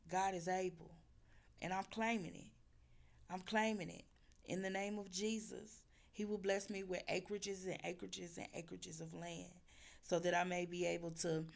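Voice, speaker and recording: Woman, voice going hoarse, low and gravelly, preachy repeating faith talk to her viewers. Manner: fervent, repeats phrases, preacherly. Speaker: vlogger.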